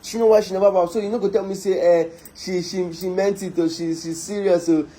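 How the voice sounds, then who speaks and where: A man's voice: high voice, fairly even intonation, brisk, mellow, rough recording. A man with a Nigerian accent giving a heated online rant, scolding and exasperated, repeating himself again and again.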